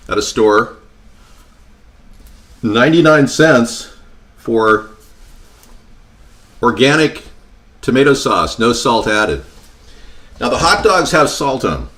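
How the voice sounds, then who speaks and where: A man giving a casual home cooking demonstration, chatty and tossing in deadpan joking asides as he works at the stove. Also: medium pitch, slow, pauses often. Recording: kitchen clatter of pots and pans behind.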